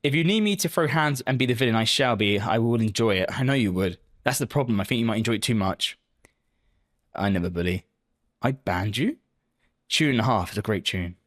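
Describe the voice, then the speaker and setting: A man's voice: on the low side, animated, a little fast. A man live-streaming, chatting casually with viewers and answering their messages with lots of swearing and joking banter.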